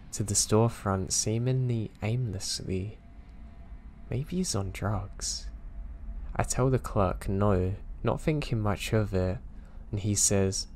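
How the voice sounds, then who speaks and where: A man with a somewhat low voice narrates first-person horror tales in a steady, low-key manner. The recording carries a faint background ambience under his voice. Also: a little hiss or hum. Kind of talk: scripted narration of listener stories.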